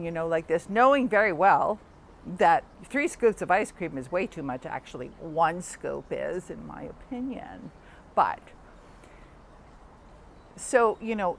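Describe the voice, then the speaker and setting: Slow-talking woman, casual talk. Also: mid-range voice, slight background noise. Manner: unhurried, many fillers and restarts, acts out quoted dialogue. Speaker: host.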